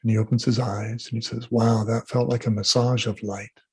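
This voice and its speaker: A man being interviewed as an energy healer, telling animated stories and acting out what people said. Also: fairly low pitch, normal speed, slightly rough. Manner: animated storyteller, acts out quotes. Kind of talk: casual interview talk.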